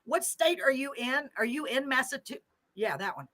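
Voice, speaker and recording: A woman's voice: high voice, lively intonation, moderate pace, sharp tone. An older woman hosts a radio chat show. She talks in an open, emotional way, laughing often and gushing over her guest. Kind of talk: casual chat.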